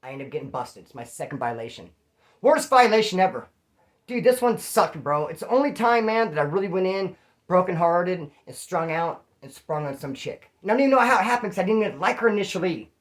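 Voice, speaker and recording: A man's voice: high-pitched, animated, a little fast. A man casually telling stories in a profane, slangy way, acting out other people's lines as he goes. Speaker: former inmate storyteller. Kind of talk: casual storytelling.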